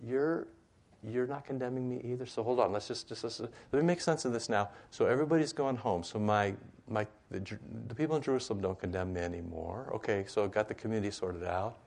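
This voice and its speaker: A man's voice: lowish voice, fast talker, creaky, few pauses, darkish tone. A man teaching a Bible study in a conversational way, with frequent rhetorical asides.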